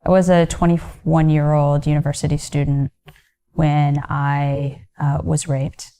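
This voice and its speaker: A woman's voice: low voice, little pitch movement, a little slow, mellow. A young woman giving a personal testimony in a hesitant way, with frequent fillers and restarts. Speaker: interviewee sharing her story.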